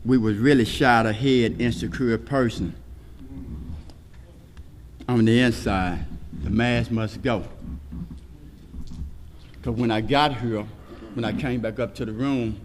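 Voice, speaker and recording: A man telling his recovery story at a meeting, with rhythmic lists and swings between shouting and hushed talk. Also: mid-range voice, takes it slowly, pauses often. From Texas. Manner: preaching, rhythmic lists, shouts and laughs early, quiet and hushed later. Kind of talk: personal testimony at a speaker meeting. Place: meeting hall. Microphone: podium microphone. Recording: hall reverb, faint noise.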